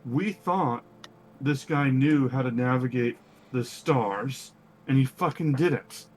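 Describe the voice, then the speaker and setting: A gruff dwarf grumbles his complaint with crude swearing, as a man voices him in a tabletop game. He mutters in a low, sour way. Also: takes it slowly, slight background noise, close to an everyday voice. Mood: grumbling.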